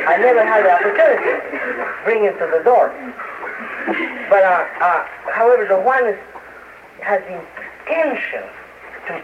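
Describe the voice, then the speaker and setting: A man in an interview who speaks haltingly, with many restarts and fillers, heard on an old radio recording. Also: high-pitched. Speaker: interview guest. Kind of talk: casual interview talk. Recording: noisy lo-fi archival radio, phone-like.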